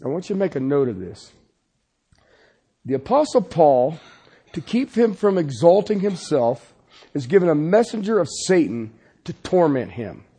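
A man preaching a sermon as pastor, swinging from loud insistence to hushed, pleading passages. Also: a little high, big pitch swings, moderate pace, husky.

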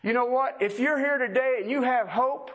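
With an extremely high, somewhat bright voice at normal speed, a preacher fires repeated, emphatic questions at the congregation during a fervent church-service sermon.

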